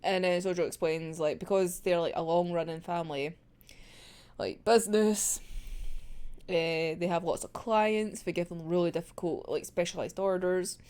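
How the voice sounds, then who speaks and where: A woman's voice: lowish voice, moderate pace, a little mellow, clean tone. A young woman casually recapping a manga plot, giggling often and swearing freely as she tells it. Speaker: manga reviewer.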